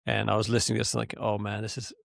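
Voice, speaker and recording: Living in rural Canada, he co-hosts a casual podcast and tells stories animatedly, acting out his own frustration. His voice is on the low side and gravelly, racing along on a dry, clean studio recording.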